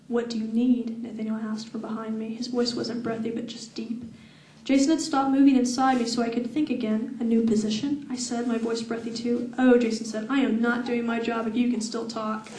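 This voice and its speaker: Woman author, live reading, slightly high voice, roomy echo. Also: distant mic. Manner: steady reading with laughing asides to the audience. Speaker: author reading her novel. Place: event room with audience. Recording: echoey event room.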